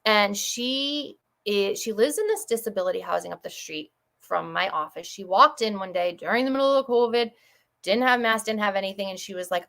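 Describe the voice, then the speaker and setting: A woman from Connecticut chats as a broadcast guest, rattling through her patient stories at a quick clip. She talks in a warm, effusive rush, with a mid-range voice for a woman. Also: medium pitch, lively intonation, vocal fry. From Connecticut, USA. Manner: fast-talking, chatty, effusive. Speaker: chiropractor guest. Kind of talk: casual storytelling on a broadcast.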